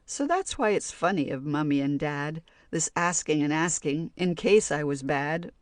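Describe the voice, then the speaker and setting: A woman reading children's poems aloud in a slow, sing-song rhyming way. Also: low voice, animated, dry recording, studio quality. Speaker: audiobook reader.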